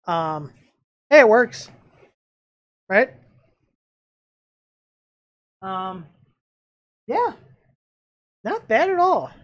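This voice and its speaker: A channel host reviews a 3D printer on a casual live stream, his speech rambling and heavy with "um"s and restarts. His voice is high-pitched and a bit bright.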